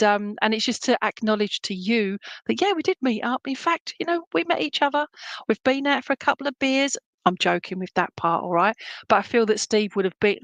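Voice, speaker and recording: A woman's voice: mid-range voice, a bit bright, dry recording. A woman giving a clairvoyant reading at an online church service, chatty and reassuring, with many fillers and restarts. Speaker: medium at a spiritualist church.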